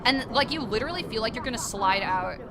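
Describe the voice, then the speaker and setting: A young adult woman streaming live, chatting casually with her viewers, excitable, laughing often and swearing freely. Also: on the high side, quick pace, heavy background noise.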